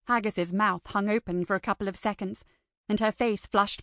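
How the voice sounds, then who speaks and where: A woman reading a novel aloud in steady, scripted narration. Her voice sits at a middle pitch for a woman. The sound is close and dry, with no room around it. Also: moderate pace, no echo. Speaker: audiobook reader.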